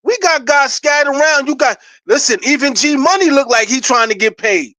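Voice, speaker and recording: A man gives excited, casual basketball commentary straight to his viewers. He is animated and hyped, and breaks into laughs and shouts. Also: extremely high pitch, fairly quick, dry recording. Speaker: sports commentator vlogger.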